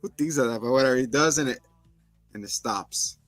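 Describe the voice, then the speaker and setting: A man's voice: mid-range voice, a little fast, dry recording, faint music behind. A man co-hosting a casual movie review podcast, animatedly acting out scenes in little voices. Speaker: podcast co-host.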